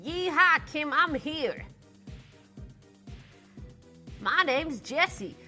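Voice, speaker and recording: A woman voicing a cheery, loud American cowgirl with a put-on cowboy drawl, hollering her lines in a studio. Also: sits high, lively intonation, slow pace, soft background music, pitched above the performer's own voice, heavily acted.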